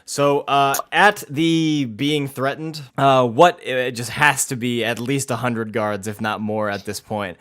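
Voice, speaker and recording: A man narrating as game master of a tabletop role-playing game, pausing often with fillers. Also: medium pitch, steady tone, a bit bright, clean tone. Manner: hesitant, lots of fillers.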